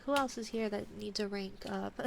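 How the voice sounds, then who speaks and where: Woman, streamer, casual chat, grumbling, gravelly fry, noisy keyboard background. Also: medium pitch, normal speed. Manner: frustrated, muttering while fiddling with settings. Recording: loud background noise with keyboard clicks.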